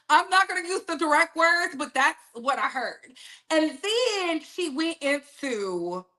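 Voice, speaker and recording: A woman hosting a casual gossip livestream, animated and laughing often as she talks straight to her chat. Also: high voice, slow pace.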